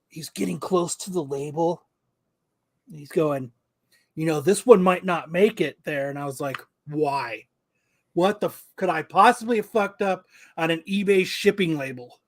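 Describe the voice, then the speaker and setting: A man co-hosting a podcast, telling a story in a casual, animated way, swearing and acting out both sides of the conversation. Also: fairly high pitch. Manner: animated, profane, acts out quoted exchanges. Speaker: podcast co-host.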